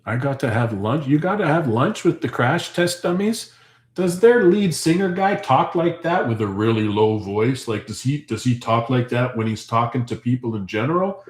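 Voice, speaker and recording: A man in the middle of a rambling live chat, answering viewers and thinking out loud as he goes. His voice sits at an ordinary middle pitch. The room around him rings with a noticeable echo. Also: expressive, normal speed. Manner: rambling, chatty, thinks aloud with fillers. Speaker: homestead channel host.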